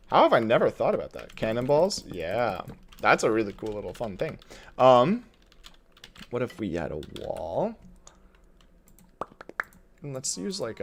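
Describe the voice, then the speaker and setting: A man's voice: medium pitch, vocal fry, a little hiss or hum. A man streaming a building game from his desk at home, thinking aloud in casual commentary, reading chat and chuckling often.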